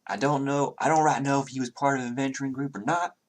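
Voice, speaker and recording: A man's voice: medium pitch, steady tone, fast, voice pushed up, close to an everyday voice. A man doing an unnervingly polite barkeep. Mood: gossiping. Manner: polite, gossipy, hesitant. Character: unnervingly polite male tavern keeper.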